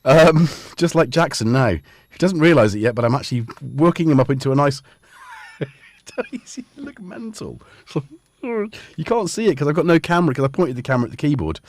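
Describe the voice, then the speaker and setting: Lively joking man streaming live. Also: on the high side, fast talker, no echo. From Scotland. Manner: playful, joking, animated asides to chat. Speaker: livestream host. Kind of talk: casual livestream chat. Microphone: studio dynamic mic.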